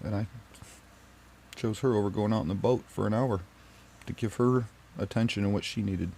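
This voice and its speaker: A man telling a personal story to camera in an emotional, emphatic and pleading way, swinging between loud and quiet. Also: on the low side, normal speed, vocal fry, husky.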